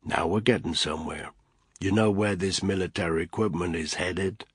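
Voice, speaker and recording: A male narrator plays a ruthless soldier who taunts a terrified captive in a deep, husky voice. The threats come quiet and mocking rather than shouted. The reading sounds close and dry, with no room around it. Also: fairly even intonation, normal speed, dry recording. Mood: menacing.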